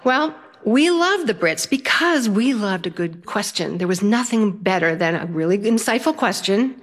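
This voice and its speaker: An older woman storyteller, lively and self-mocking as she tells a funny personal story on stage. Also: mid-range voice, normal speed.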